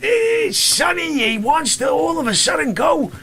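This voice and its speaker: A man voicing a brash, grumbling middle-aged guy from the Bronx, rambling complaints and bursting into shouts. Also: very high-pitched, very animated, unhurried, creaky, crowd noise, voice pushed up, exaggerated voice. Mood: shouting. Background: music.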